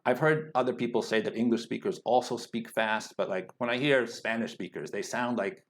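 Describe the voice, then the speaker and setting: A man teaching an exam-prep lesson, speaking slowly and deliberately, thinking aloud with frequent fillers and restarts. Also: mid-range voice, fairly even intonation. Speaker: IELTS teacher. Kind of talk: explanatory lesson talk.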